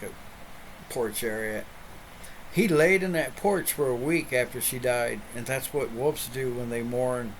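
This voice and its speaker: A man's voice: mid-range voice, pushed and bright, slight background noise, poor audio. A middle-aged man, a pastor hosting an online show, telling a rambling story in casual chat with many restarts.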